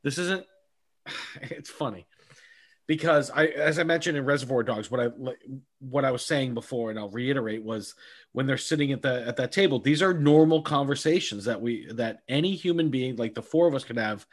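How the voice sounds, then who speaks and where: A man co-hosting a casual film podcast, talking in an animated way, swearing a lot and acting out scenes with many restarts. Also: medium pitch, moderate pace. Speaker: podcast co-host. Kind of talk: casual chat about films.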